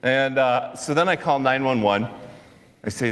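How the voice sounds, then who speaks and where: A man pastor preaching a sermon, telling a personal story in a lively way with chuckles and asides. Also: medium pitch, measured pace. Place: church sanctuary. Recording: long church reverb.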